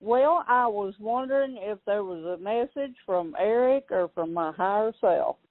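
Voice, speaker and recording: A woman's voice: medium pitch, lively intonation, moderate pace, dry recording. A woman with a Southern US accent calling in to a radio show, plain-spoken and friendly. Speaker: caller. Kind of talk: call-in radio chat. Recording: dry tinny phone line.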